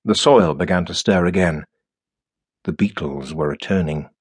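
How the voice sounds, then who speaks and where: Deep-voiced male audiobook narrator. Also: breathy edge. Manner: measured, steady storytelling. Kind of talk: scripted narration.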